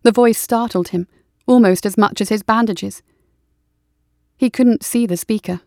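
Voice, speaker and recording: A woman narrating an audiobook in a steady, even storytelling manner. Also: medium pitch, unhurried, gravelly, dry recording, studio quality.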